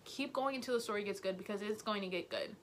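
A woman's voice: mid-range voice, fast, a little hiss or hum. A woman in her twenties talking earnestly and passionately to camera in a casual vlog book review. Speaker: YouTuber.

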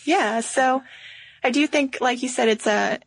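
A woman's voice: sits high, unhurried, no echo. A woman co-hosting a podcast in casual chat, reading listener mail in a conversational way. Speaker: podcast co-host.

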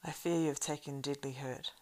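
A woman reading a story aloud and voicing a calm, earnest elf archer man who speaks in steady, formal phrases. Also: rumbling low, brisk.

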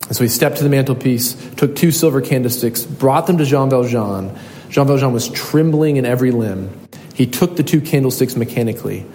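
Earnest young pastor preaching in an echoey hall. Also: male voice, medium pitch, normal speed, dark tone. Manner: earnest storytelling with frequent ums and restarts. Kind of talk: sermon. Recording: echoey hall, faint noise.

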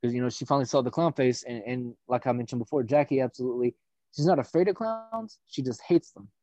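A man with a mid-range voice tells a long story fast in casual chat, rambling, swearing, and acting out the voices of the people he quotes. The recording is dull and dry.

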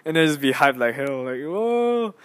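A young man hosting a casual solo podcast on his phone, rambling and excitable as he tells a story with lots of fillers and restarts. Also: medium pitch, quick pace, clear, resonant tone. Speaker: podcast host.

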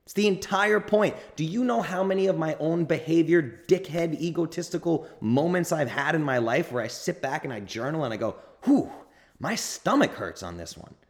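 A man's voice: fairly high pitch, brisk, few pauses. A man hosting a solo self-help podcast, talking bluntly and emphatically with some swearing and repeating his points to drive them home. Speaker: podcast host and coach. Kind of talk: solo motivational podcast monologue.

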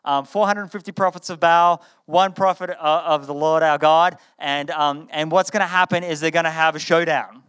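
A man preaching a sermon to a live audience, retelling a story in a conversational, animated way and often repeating his words. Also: on the high side, normal speed, few pauses, smooth.

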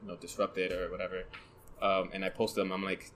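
A man with a soft voice, a photographer guest talking casually and hesitantly, often searching for words. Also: low voice, completely flat delivery, fairly quick, slight background noise, low-quality recording. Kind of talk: casual conversation.

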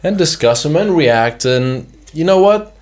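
A man's voice: on the high side, lively intonation, measured pace. A young man co-hosting a podcast, talking casually and hedging his points with "I mean" and "you know". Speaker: podcast co-host. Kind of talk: casual chat.

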